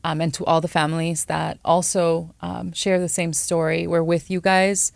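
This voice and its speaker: A woman co-host speaks sincerely in a somewhat low voice, pausing with ums as she talks. The sound is dry and close. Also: level tone, vocal fry, no room sound. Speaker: podcast co-host. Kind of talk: casual podcast talk.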